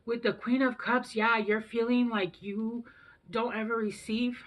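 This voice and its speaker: A woman's voice: fairly high pitch, fairly even intonation, a little slow. A woman in her thirties giving a casual tarot reading to camera, emotional and rambling, often trailing off and restarting her sentences. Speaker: tarot reader.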